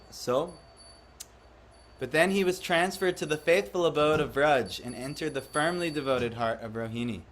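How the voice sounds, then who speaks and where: A man's voice: mid-range voice, a bit bright, slight background noise. Man teaching a devotional class. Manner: questions the audience, acts out quoted voices. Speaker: spiritual teacher. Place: room with a live audience.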